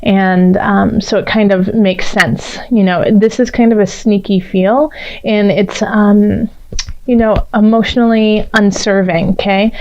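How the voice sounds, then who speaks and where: A woman's voice: medium pitch, a little mellow, muffled recording. A woman giving a casual tarot reading, chatty and full of fillers, often laughing as she talks. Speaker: tarot reader.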